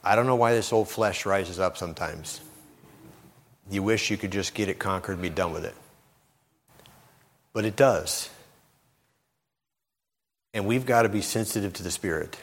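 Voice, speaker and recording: Deep-voiced male preacher in a reverberant hall. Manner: conversational, repeats words, acts out quoted speech. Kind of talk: sermon with personal stories.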